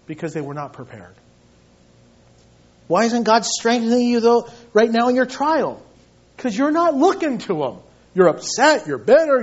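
A fairly high, husky-voiced man preaching a sermon in a church. He swings from loud, urgent appeals down to hushed, intense quiet. The recording is dull and lo-fi. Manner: dramatic preaching, swings between shouting and hushed tones. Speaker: pastor.

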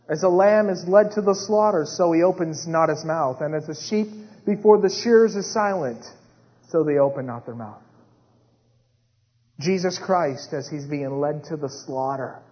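A man preaching a sermon with dramatic swings between hushed retellings and rising intensity. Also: on the high side. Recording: dull sound with long hall reverb.

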